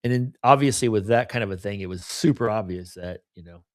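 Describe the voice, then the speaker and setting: A man's voice: fairly low pitch, brisk, dry recording, clean studio sound. A middle-aged man talking candidly and at length in a casual podcast conversation, often adding "you know" and "right?". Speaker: podcast co-host.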